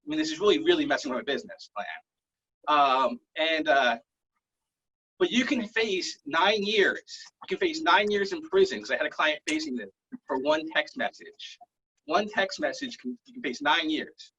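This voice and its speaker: A man doing stand-up comedy over a video call, his voice bright and a little breathy. He rambles through self-mocking jokes with a dry delivery. The audio sounds muffled and lo-fi. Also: fairly high pitch, sing-song, moderate pace.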